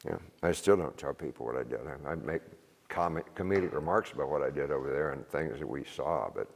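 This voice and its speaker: In a church hall with an echoing sound, a retired Army veteran speaks to a church group at an informal seminar. He's an older man with a gravelly bass voice and a brisk pace, plain-spoken and rambling, laughing at his own tales.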